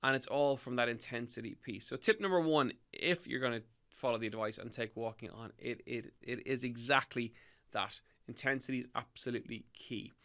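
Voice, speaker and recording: A man's voice: medium pitch, brisk, pushed and bright. A middle-aged man with an Irish accent, hosting a solo health podcast and giving fitness tips in an emphatic, upbeat way. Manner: emphatic, upbeat, repeats key points. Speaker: podcast host and fitness coach.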